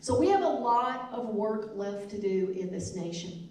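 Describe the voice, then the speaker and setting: A woman's voice: on the high side, expressive, measured pace, a little mellow, a little hiss or hum. A woman with a Southern US accent gives a town hall speech as a congresswoman, in an emphatic, repetitive oratorical manner. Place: elementary school hall. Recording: echoey hall from far off.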